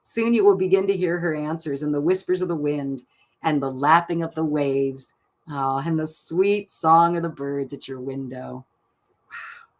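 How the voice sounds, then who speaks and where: Gentle woman reading tarot cards aloud. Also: low-pitched, normal speed. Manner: soft, gentle and emotional, laughs often. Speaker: tarot card reader. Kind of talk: live-stream card reading, reading aloud.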